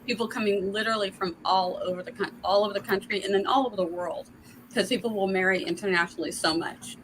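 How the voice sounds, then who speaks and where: A woman's voice: mid-range voice, steady tone, quick pace, background noise. A woman from the American South hosting a casual writing livestream, chatting and laughing as she quotes herself. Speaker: livestream host.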